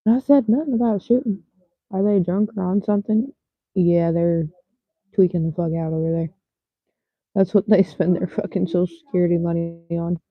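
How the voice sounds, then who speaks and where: A woman's voice: lowish voice, moderate pace, no echo. A woman chatting casually with her livestream viewers, talking bluntly and swearing a lot. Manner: blunt and heavily profane. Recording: tinny phone-like dry sound.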